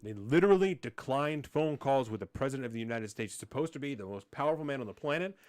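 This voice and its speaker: A man's voice: medium pitch, animated, quick pace, darkish tone, dry recording. A man co-hosting a casual political podcast, ranting heatedly with frequent swearing and mocking impressions. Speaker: podcast co-host.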